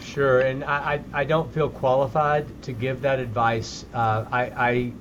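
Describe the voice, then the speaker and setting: A man's voice: medium pitch, level tone, unhurried, hardly any pauses, fairly bright tone, a little hiss or hum. Earnest male doctor on a muffled call. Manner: sincere, repeats words when starting sentences. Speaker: physician guest. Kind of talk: earnest interview answers.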